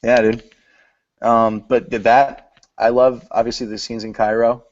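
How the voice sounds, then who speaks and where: A man's voice: medium pitch, little pitch movement, measured pace, no room sound. A young man co-hosting a podcast, chatting loosely about films in slang. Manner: loose slangy talk, says dude. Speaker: podcast co-host. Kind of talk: casual film discussion. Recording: dull lo-fi podcast audio.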